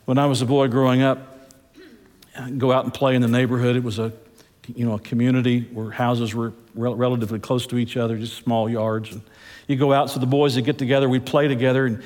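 A man preaching a sermon as pastor, swinging his pitch and drawing words out for emphasis. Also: flat delivery, fairly quick, darkish tone. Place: large church hall. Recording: echoey church hall.

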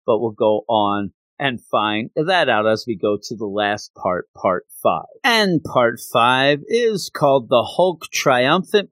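A man's voice: medium pitch, a bit bright, no room sound. Casting note: man recapping a comic, chatty and rambling, dry close mic. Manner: chatty, digressive. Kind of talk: casual retelling of a comic.

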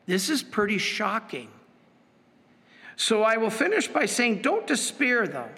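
A man's voice: sits high, big pitch swings, unhurried, sharp tone, in a large hall. A man preaching as a priest in an earnest, emphatic sermon, pleading and repeating his point.

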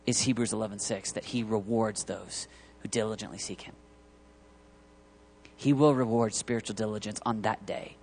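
A man preaching a sermon to a ministry team, impassioned and rising to near-shouting peaks, acting out quoted voices. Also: on the low side, a little hiss or hum. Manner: acts out quoted voices and awkward pauses. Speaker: pastor leading a ministry tour team.

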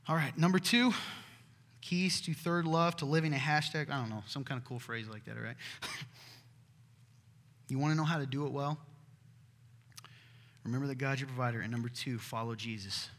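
A man preaching a sermon as pastor, earnest and emphatic, sometimes dropping to a hush. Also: medium pitch, moderate pace, pauses often. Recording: hall reverb.

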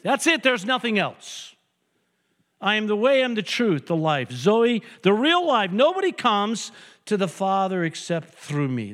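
An older man preaching a sermon as pastor, an animated storyteller who jokes and hammers points home with repetition. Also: high-pitched. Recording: long hall reverb.

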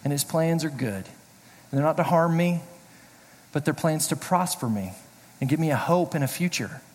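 A middle-aged pastor giving a casual, joking sermon, telling personal stories in a chatty way. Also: male voice, a little high, animated, normal speed, a little mellow. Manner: chatty, storytelling, self-deprecating jokes. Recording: reverberant hall.

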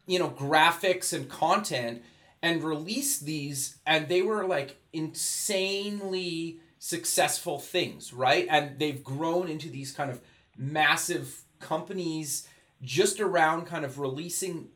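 Podcast host guy, kinda high voice, says like a lot. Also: slow pace, a bit bright. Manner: filler-heavy, lots of "like". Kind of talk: casual conversational chat.

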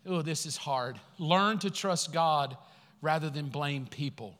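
A man pastor preaching a sermon, telling a story with lively acted-out quotes before turning quiet and earnest. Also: on the high side, a little slow. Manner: animated storytelling, acting out quotes, laughing, then quiet and earnest. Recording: long hall reverb.

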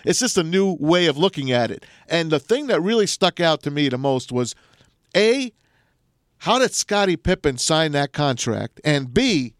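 A man's voice: on the high side, no echo. A man hosting a sports talk radio show, chatting in a brash, emphatic way from a studio mic. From New Jersey.

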